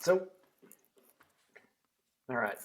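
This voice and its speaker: A man in casual podcast chat as a guest, joking and rambling loosely. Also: drawn-out words.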